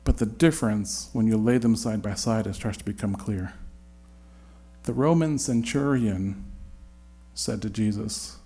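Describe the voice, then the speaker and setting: A man's voice: fairly low pitch, unhurried, mellow, slightly rough. Conversational male Bible teacher. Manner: conversational and searching, with hedges and restarts.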